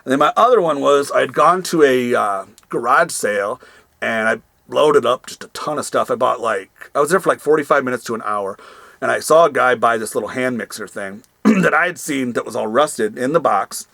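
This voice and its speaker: A man's voice: medium pitch, normal speed, vocal fry, pushed and bright, no room sound. Rambling male reseller vlogger. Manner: rambling, many ums and asides. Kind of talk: casual storytelling vlog.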